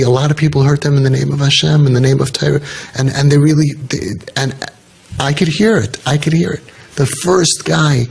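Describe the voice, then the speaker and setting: A man's voice: a little high, creaky, a little mellow. A man giving an earnest, conversational talk to parents. He tells stories and often restarts his sentences. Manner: earnest, storytelling, with frequent restarts. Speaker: speaker addressing an audience of parents. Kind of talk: conversational talk to a live audience.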